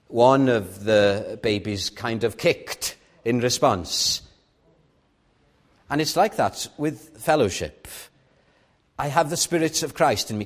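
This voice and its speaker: A man preaching a sermon in an earnest, personal way, sometimes dropping soft and sometimes lifting his stress. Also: mid-range voice.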